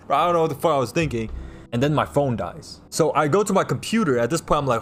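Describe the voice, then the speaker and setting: A young man from New York, livestreaming and telling a personal story to his chat in a rambling way, loud one moment and hushed the next. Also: on the high side, animated, fast.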